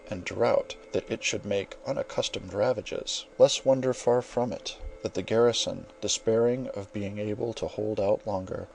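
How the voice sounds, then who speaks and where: A man's voice: fairly low pitch, creaky, poor audio. A man reading aloud who voices a proud, fiery general, raging and vowing in grand, declamatory oaths.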